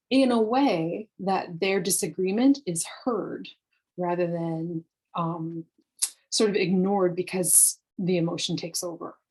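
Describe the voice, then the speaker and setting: A woman giving calm, reassuring parenting advice straight to camera, explaining step by step and checking in with "okay". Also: fairly low pitch, poor audio. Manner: often says "okay" and "um". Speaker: parenting coach.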